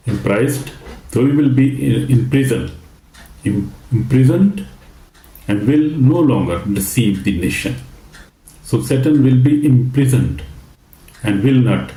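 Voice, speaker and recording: A male pastor delivers a sermon at an unhurried, deliberate pace, often stumbling and restarting his words. His voice sits low with a warm, mellow tone. The room around him rings with noticeable echo. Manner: slow and halting, with many fillers and restarts.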